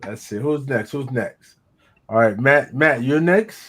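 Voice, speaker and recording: Husky laid-back host, slangy. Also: male voice, mid-range voice, unhurried, a bit bright. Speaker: host running a comic show-and-tell. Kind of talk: casual group chat on a stream.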